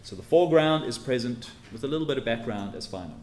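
A man's voice: medium pitch, animated, quick pace, a little mellow. A man preaching an expository sermon, teacherly and emphatic, leaning hard on key words as he sets out his points. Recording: echoey room with faint ambience.

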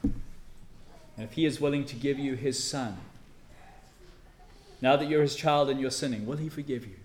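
A man preaching a sermon and reading scripture, earnest, swelling loud on key phrases and dropping soft for emphasis. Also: mid-range voice, fairly even intonation, a little slow, slight background noise.

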